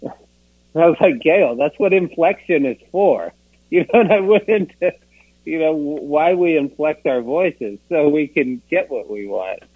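A man's voice: a little high, measured pace, slightly rough, no echo. Man giving a recovery share, rambling and self-mocking, frequent chuckles, narrow phone-like sound, dry. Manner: rambling, self-deprecating, laughs often, many "you know"s. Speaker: speaker sharing at a recovery meeting. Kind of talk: personal recovery testimony.

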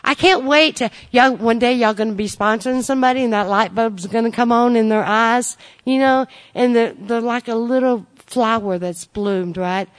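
A woman with a somewhat high voice gives a personal recovery testimony. Her talk is folksy and down-home, full of jokes, with "y'all" and "you know" sprinkled all through. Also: moderate pace, hardly any pauses. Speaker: recovering addict sharing her story.

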